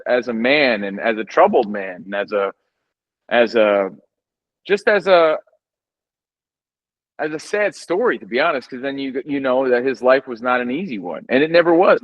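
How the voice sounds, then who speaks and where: A man who is a sports radio host, a guest on a podcast, telling stories in an animated, emphatic casual chat. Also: medium pitch, dull audio. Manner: animated storyteller, lively and emphatic.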